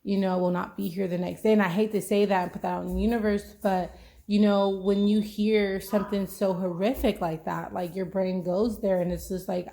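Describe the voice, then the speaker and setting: A woman's voice: mid-range voice, little pitch movement, brisk, vocal fry, dark tone. A young adult woman hosting a podcast, chatting casually in a rambling way, full of "like" and "you know". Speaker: podcast host. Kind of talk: casual chat.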